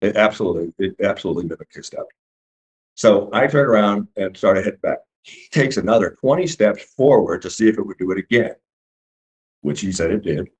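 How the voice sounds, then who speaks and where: A middle-aged man telling his own story in casual speech, halting and full of restarts as he acts out what was said. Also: fairly low pitch, lively intonation, darkish tone. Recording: dull lo-fi recording.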